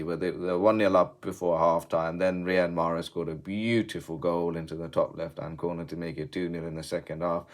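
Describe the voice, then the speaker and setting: A man ranting casually about football, swearing freely and swinging between laughter and grumbling. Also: low voice. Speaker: football fan vlogger. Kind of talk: casual post-match rant.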